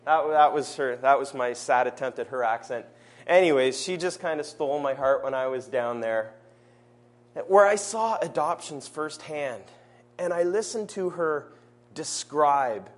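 A man preaching a sermon in a church service, earnest, slowing down to stress his key phrases. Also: fairly high pitch.

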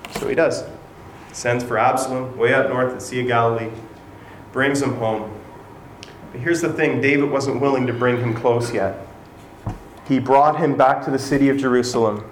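A man preaching a sermon in a storytelling way, slipping into the characters' lines as he goes. His mid-range voice rings through a roomy hall, with faint ambient noise underneath. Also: mid-range voice. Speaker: pastor. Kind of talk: sermon retelling a Bible story.

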